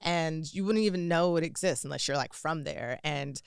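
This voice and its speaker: Smooth, lively woman telling stories. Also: sits low, normal speed, no room sound, clean studio sound. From Las Vegas, United States. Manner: animated, acts out past dialogue. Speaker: film and TV producer, guest. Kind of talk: conversational interview storytelling.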